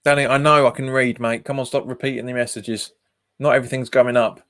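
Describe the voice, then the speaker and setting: A man's voice: medium pitch, level tone, a little fast, a bit bright. A man, hosting a football watch-along stream, chatting casually, laughing often and reading out viewer comments. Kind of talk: casual live commentary and chat.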